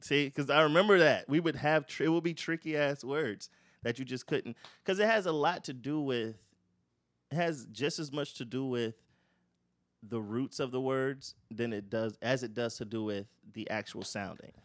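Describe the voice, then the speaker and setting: On a podcast he co-hosts, a man chats casually, rambling with animation and swearing freely. His voice is mid-range and his pace moderate, captured in a dry, clean studio recording.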